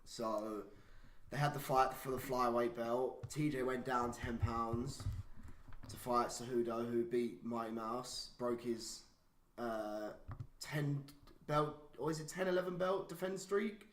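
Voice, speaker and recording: A man's voice: mid-range voice, takes it slowly, fairly bright tone, a little hiss or hum. A young man, casually telling a profane story and peppering it with "like". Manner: swearing storyteller, heavy use of "like". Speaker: podcast co-host. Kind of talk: casual chat. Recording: echoey room.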